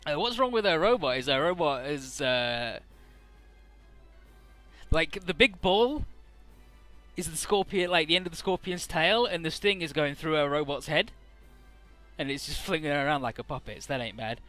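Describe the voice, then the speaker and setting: A man's voice: on the high side, animated, normal speed, long pauses, a bit bright, soft background music. A man giving casual gameplay commentary, retelling story scenes with acted quotes and some swearing. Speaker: let's play commentator.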